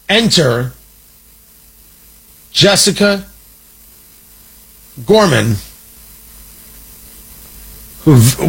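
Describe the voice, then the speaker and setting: Indignant husky-voiced male commentator. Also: fairly high pitch, fairly bright tone, low-quality recording. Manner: indignant, combative, mocking. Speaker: political commentator host. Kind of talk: opinion monologue.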